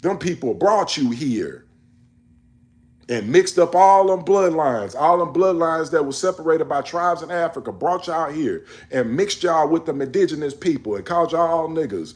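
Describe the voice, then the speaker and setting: A man's voice: a little high, animated, normal speed. A man in a casual monologue on world events, emphatic and preachy, scolding his listeners in slangy speech. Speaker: commentator.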